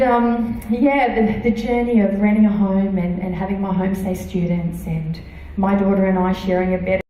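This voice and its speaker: A woman's voice: medium pitch, mellow, recorded from a distance. Woman giving testimony in an echoey hall. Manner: halting, many fillers and restarts. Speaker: church member giving testimony. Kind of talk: personal testimony. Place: church hall.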